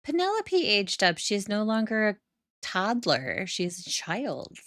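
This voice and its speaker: A woman's voice: mid-range voice, wildly swooping pitch, a little slow, fairly bright tone, no room sound. A woman from the northern United States with an accent close to Canadian, chatting casually with her viewers while playing a life-sim game and laughing often. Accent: northern US, near Canada. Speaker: Sims gameplay streamer.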